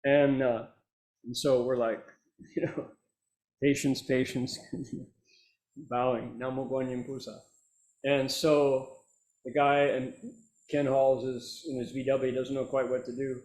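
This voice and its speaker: A man, a Buddhist monk, telling a story to a meditation class in an animated way, chuckling and acting out the characters. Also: medium pitch, takes it slowly, long pauses. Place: meditation hall. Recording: echoey room.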